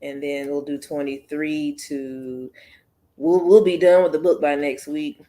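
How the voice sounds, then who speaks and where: A woman hosting an online book club, chatting casually and directly to her viewers, animated and often laughing in exasperation. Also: low voice, unhurried. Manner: talks straight to viewers. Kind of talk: casual chat.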